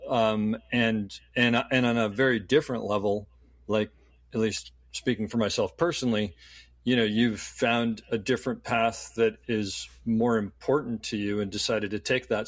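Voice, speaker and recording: A middle-aged man hosting a podcast, asking meandering questions with restarts and telling lively anecdotes. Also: fairly low pitch, dry recording. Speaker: podcast host. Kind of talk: casual interview chat.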